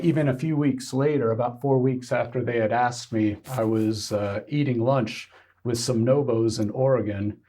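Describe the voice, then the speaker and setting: A man from Kansas, a guest on a podcast, telling stories in a halting way with many pauses and fillers. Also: medium pitch, a little mellow. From Kansas, United States. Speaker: guest hiker. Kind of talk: casual interview.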